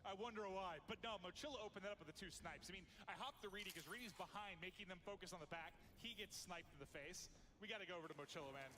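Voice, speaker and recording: Energetic high-voiced male caster. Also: fast talker, hardly any pauses. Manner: energetic, laughs often. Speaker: esports caster. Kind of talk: play-by-play commentary. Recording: broadcast with loud background noise.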